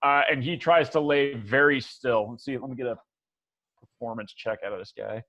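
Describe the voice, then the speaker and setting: A man's voice: medium pitch, fairly even intonation, moderate pace, a bit bright, muffled recording. A man running a tabletop game as game master, talking hesitantly with many restarts.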